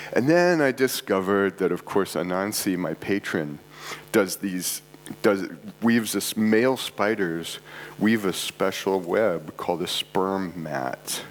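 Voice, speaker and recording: A man's voice: low voice, rough recording. A congested man giving a rambling, casual conference talk with offhand asides, recorded at a live event. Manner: casual, digressive, self-deprecating asides. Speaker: conference presenter. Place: art club event space, live audience. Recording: faint mains hum.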